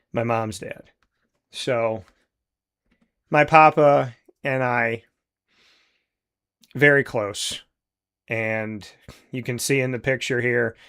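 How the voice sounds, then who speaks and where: A man in his forties from central New York, hosting a talk show and speaking in a heartfelt, halting, openly emotional way. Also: medium pitch, a bit bright, clean tone. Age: 40s. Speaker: host. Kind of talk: casual talk show monologue.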